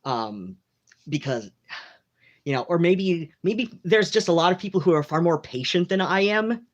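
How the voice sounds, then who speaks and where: A man's voice: a little high, animated, normal speed, lo-fi sound. An American man with an affected mid-Atlantic accent, rambling through a casual, gossipy livestream chat at home and leaning hard on "like" and "you know". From United States. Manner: campy, gossipy and theatrical. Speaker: livestream host.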